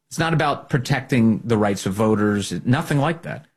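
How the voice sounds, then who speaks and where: A man's voice: medium pitch, expressive, normal speed, husky. A man hosting a political opinion monologue, combative and sarcastic. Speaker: political commentary host.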